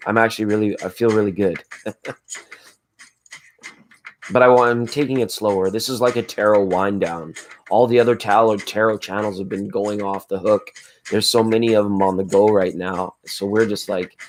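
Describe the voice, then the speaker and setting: A man with a hoarse voice hosting a laid-back late-night tarot livestream, chatting with viewers in a rambling, spiritual way. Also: on the low side, slight background noise. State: hoarse from screaming at a football game. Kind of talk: casual late-night chat reading viewer comments.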